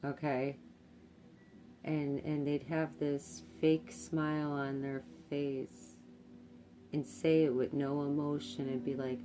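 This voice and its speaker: Very low-voiced, slow woman reading tarot. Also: level tone, warm tone, soft background music. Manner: hesitant, repeats words, many fillers. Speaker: tarot card reader. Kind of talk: intuitive tarot reading to camera.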